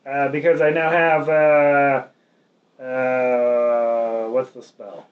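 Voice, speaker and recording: A man's voice: medium pitch, flat delivery, drawn-out words. Earnest male player, muffled stream. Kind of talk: casual chat at a tabletop game. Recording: muffled stream audio with faint noise.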